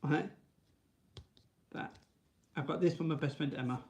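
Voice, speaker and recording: A man rambling to camera in a casual vlog, restarting often and tagging lines with "right?". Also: unhurried. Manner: high sing-song baby talk to his dog. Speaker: vlogger.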